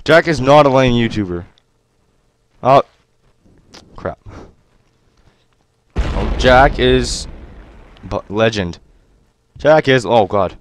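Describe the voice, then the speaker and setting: A young man doing gameplay commentary on a headset mic at home, excitable and yelping at the game. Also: medium pitch, slow, long pauses, a little hiss or hum. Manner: excitable, yelps and shouts at the game. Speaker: gaming YouTuber.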